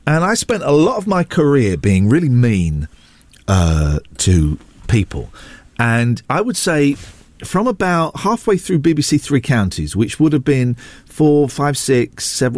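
A man talks on his radio show, and his pitch swings up and down as he rambles. He keeps cutting in on himself with jokes at his own expense. His voice sounds close to the mic in a dry, dead room. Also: very animated, moderate pace, darkish tone, dry recording. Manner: rambling, self-deprecating, jumps between asides. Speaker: radio host. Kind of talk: casual on-air chat. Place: radio studio.

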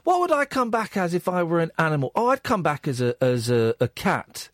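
Wry radio host, lively. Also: male voice, fairly high pitch, fairly quick, dry recording, studio quality. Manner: relaxed, teasing, wry. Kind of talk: late-night radio talk. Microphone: studio microphone.

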